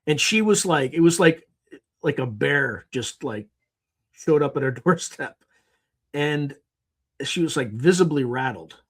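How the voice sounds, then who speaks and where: This man's voice is a little high and slightly rough, and he keeps a measured pace with frequent pauses. Appearing as a podcast guest in a conversational interview, he relates anecdotes animatedly and acts out others' lines.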